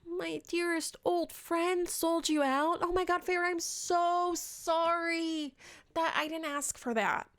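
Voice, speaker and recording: A woman's voice: very high-pitched, fairly even intonation, slow, a bit bright, pitched above the performer's own voice, heavily acted. Woman mocking a sappy, gullible young man. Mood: apologetic.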